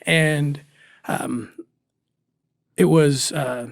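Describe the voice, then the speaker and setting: A man, a former special agent, telling a personal story as a guest in an interview, earnest and emotional, with pauses and restarts. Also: a little high, fairly even intonation, gravelly, no echo, studio quality.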